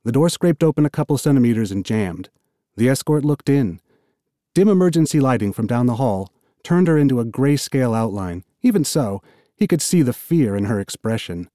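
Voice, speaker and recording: Guy reading an audiobook, lively swings in pitch, warm mellow voice, dry sound. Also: normal speed, dry recording. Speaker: audiobook narrator. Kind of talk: scripted narration.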